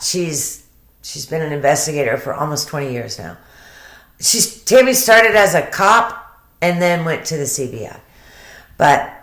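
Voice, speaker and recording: A low-voiced woman talking in a chatty, emotional way and swearing now and then. She sounds as if she is in an echoey room at home. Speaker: commentator. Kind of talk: casual commentary.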